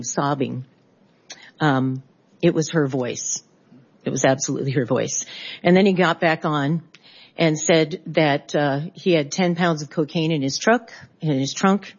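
A middle-aged woman from California speaks as a witness at a hearing, her voice sitting low. She talks haltingly and pauses to restart her sentences. The recording sounds dull and lo-fi. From California, USA. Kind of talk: spoken testimony.

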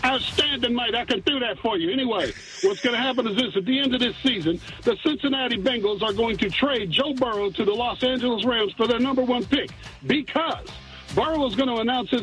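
Brash high-voiced male caller. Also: fairly bright tone, low-quality recording. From Western Pennsylvania. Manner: brash, rhyming trash talk. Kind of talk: phoned-in hot take.

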